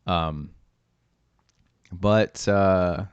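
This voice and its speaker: Low-voiced male host, loose and chatty, filler-heavy, laughs easily. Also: steady tone, extremely slow, clean tone, no room sound, dull audio. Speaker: podcast host. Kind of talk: casual podcast chat.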